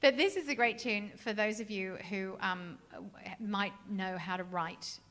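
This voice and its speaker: A woman's voice: mid-range voice, measured pace, fairly bright tone. A woman from England, a jazz singer chatting and joking with the audience between songs on a club stage.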